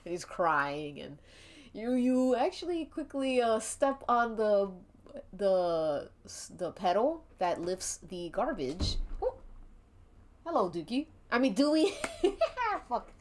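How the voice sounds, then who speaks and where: Giggly streamer woman with a lively voice. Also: mid-range voice, slow, a little hiss or hum. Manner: giggly, swears casually. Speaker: streamer and game narrator. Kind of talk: narrating an interactive mystery game.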